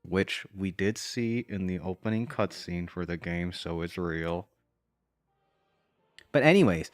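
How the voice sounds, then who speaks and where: A man's voice: low voice, unhurried, no room sound, clean studio sound, faint music behind. A man casually recapping a video game, rambling and breaking into his own asides. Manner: rambling, self-interrupting asides.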